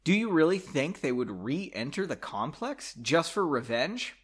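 A man's voice: a little high, big pitch swings, a little slow, breathy edge, heavily acted. A man reading the lines of a tired, cautious middle-aged father in his own novel. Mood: weary.

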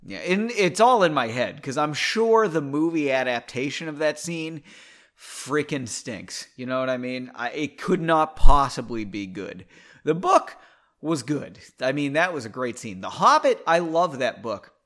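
Male author, reads his book and rambles, lively pitch, slightly high voice. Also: measured pace. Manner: rambling, self-deprecating asides. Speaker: author reading his novel. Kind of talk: audiobook reading with casual asides.

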